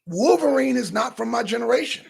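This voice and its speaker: A man co-hosting a talk show, talking in a loose, profane, animated way and often acting out his own reactions. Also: very high-pitched, brisk, vocal fry, slightly rough. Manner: animated, loose and profane, slips into quoting himself. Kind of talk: casual profane commentary.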